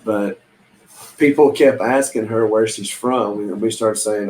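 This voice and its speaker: A man, his voice sitting a little low. He talks in a loose, rambling, folksy way, full of ums and false starts, like he's chatting with viewers in a live stream. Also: steady tone, measured pace, darkish tone, a little hiss or hum, poor audio. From Southern United States. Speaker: reseller hosting a live stream. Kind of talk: casual live-stream chat.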